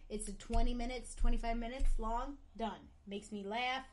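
A woman's voice: a little high, fairly even intonation, a little hiss or hum. Middle-aged woman bantering on a podcast. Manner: quick, teasing banter, laughs often. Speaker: podcast co-host. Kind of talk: casual chat.

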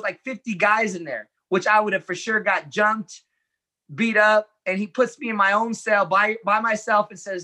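A man appearing as an interview guest tells his life story with earnest animation, acting out the dialogue as he goes. His voice sits high and sounds bright and forceful.

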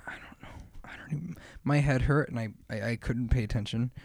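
A man's voice: mid-range voice, a little fast, creaky, a little mellow, dry recording, clean studio sound. A young man, an actor, guesting on a casual podcast, blunt and opinionated with plenty of swearing. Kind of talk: casual chat.

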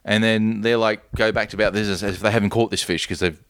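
A man co-hosting a casual film-review chat, retelling scenes with lively storytelling and acting out the characters' lines. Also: on the low side, fast talker, clean tone, no echo. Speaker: podcast co-host.

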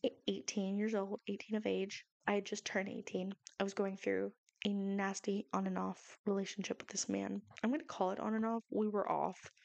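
A woman's voice: medium pitch, flat delivery, moderate pace, gravelly, hardly any pauses, a little mellow, no echo. A young woman in her twenties recapping a sitcom episode, talking casually with lots of likes and swearing. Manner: chatty, profane, self-deprecating, frequent likes. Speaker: podcast host.

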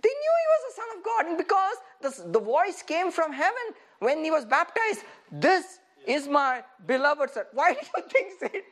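A man preaching a sermon in an animated way, often laughing and asking his listeners rhetorical questions. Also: very high voice, brisk, few pauses.

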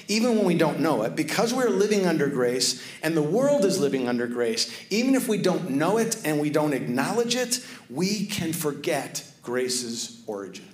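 A man giving a sermon. He tells a lively personal story, then drops to hushed, earnest tones. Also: medium pitch. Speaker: pastor. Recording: echoey room.

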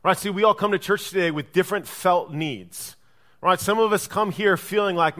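A man's voice: sits high, normal speed, sharp tone. A male pastor preaching a sermon, who keeps checking in with listeners by asking "right?" and acts out the quoted speech in his story. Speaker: lead pastor.

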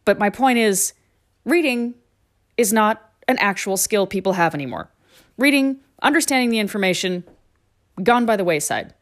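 A woman's voice: medium pitch, no room sound, studio quality. A woman hosting a podcast, delivering a sarcastic, profane comic rant about her life on a small farm. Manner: sarcastic, ranting, swears freely. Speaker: podcast host.

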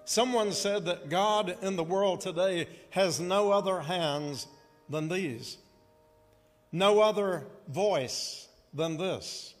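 A man preaches in a slow, deliberate cadence, pausing to ask the congregation to repeat lines back to him. His voice sits a little high for a man. The sound carries a long hall reverb with faint music underneath. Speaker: pastor. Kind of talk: sermon with scripture reading.

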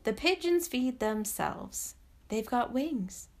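A woman's voice: fairly high pitch, lively intonation, takes it slowly. A woman voicing a curious little girl princess in a storybook reading, asking eager, wondering questions.

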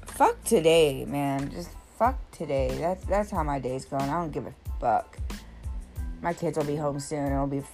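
A woman's voice: deep voice, moderate pace, warm tone, faint music behind. A woman venting about her day in a blunt, exasperated rant full of swearing. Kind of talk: casual profane rant.

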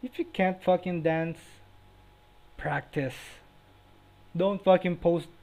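A man's voice: high voice, steady tone, takes it slowly, a crowd in the background. A young man co-hosting a podcast, chatting casually with lots of swearing and laughter. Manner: profane, laughing, rambling. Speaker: podcast co-host.

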